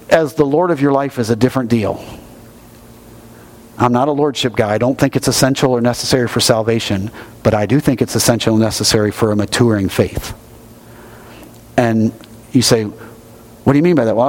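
A man's voice: medium pitch, a little mellow. A middle-aged man preaching a sermon, conversational and emphatic as he explains scripture. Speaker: pastor.

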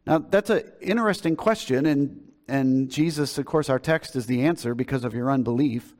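A man's voice: medium pitch, normal speed, a little mellow. Man preaching in a reverberant hall. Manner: conversational preaching, retelling scripture with emphasis. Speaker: pastor. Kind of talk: sermon.

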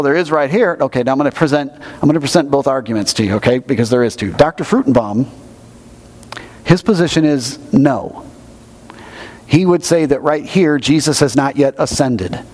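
A man's voice: mid-range voice, darkish tone. Conversational middle-aged man preaching a sermon. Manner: conversational, emphatic, explanatory. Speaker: pastor.

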